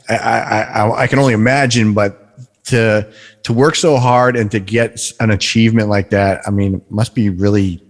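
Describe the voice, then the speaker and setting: Halting male podcast host, roomy sound. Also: fairly low pitch. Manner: halting, restarts his questions often. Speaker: podcast host, concert photographer. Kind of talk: casual interview.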